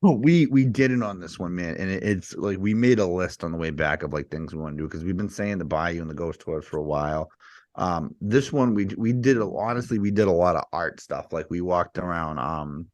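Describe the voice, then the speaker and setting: A man's voice: deep voice, moderate pace, a little mellow, no echo. A man from the Midwest telling stories in casual chat, swearing and laughing often. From Midwest, Missouri.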